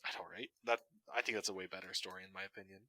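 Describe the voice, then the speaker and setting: A man co-hosting a casual chat, opinionated and quick to chime in. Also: low-pitched, steady tone, pushed and bright, no echo. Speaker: podcast co-host.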